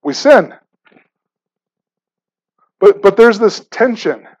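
A man's voice: high-pitched, expressive, slow pace, darkish tone, slightly rough, low-quality recording. A man preaching a sermon in a conversational, emphatic way, often repeating words as he starts phrases. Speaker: pastor.

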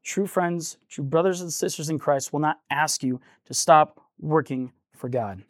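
A man preaching in an earnest, conversational tone, voice set a little high. He slips into the voices of the people in the passage as he explains it. The sound is dry and close, with little room echo. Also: unhurried. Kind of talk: sermon.

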